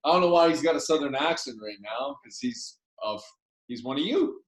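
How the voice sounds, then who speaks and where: A man's voice: on the high side, big pitch swings, normal speed. A man co-hosting a casual hockey podcast, opinionated and rambling, often trailing off mid-sentence. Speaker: podcast co-host. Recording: echoey room.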